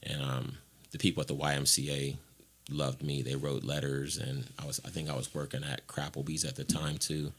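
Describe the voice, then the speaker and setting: A man from Ohio with an extremely low, deep voice tells his own story as a podcast guest. He talks frankly and rambles, and he slips into voicing the people in the story. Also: level tone, normal speed, a bit bright, breathy edge. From Ohio, USA. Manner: frank, rambling, acts out what others said. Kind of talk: candid personal storytelling.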